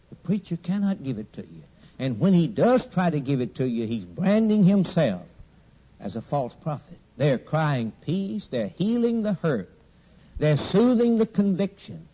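A man preaching a fervent sermon, rising to loud exhortation and dropping to low, hushed tones. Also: husky.

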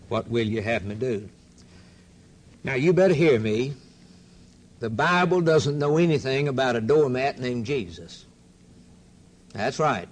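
A man preaching a fervent sermon, rhythmic and repetitive, swinging from loud declarations to hushed quoted scripture. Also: medium pitch.

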